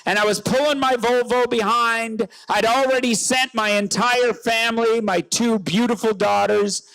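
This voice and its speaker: A comedian from rural Newfoundland doing loud, joking stand-up banter at an outdoor rally, often shouting to the crowd. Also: male voice, very high voice, steady tone, moderate pace, creaky, no echo, low-quality recording.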